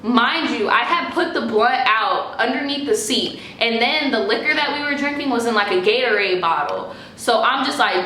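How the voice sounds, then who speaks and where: A young woman from New York telling a story in an animated, chatty, profane way. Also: on the high side, normal speed, few pauses, a little hiss or hum. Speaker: vlogger. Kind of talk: casual storytime. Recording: roomy echo with faint music.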